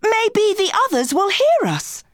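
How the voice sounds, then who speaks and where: A woman voicing a calm, steady schoolboy who speaks in a level way. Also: very high voice, measured pace, dry recording, studio quality, pitched above the performer's own voice, full character voice.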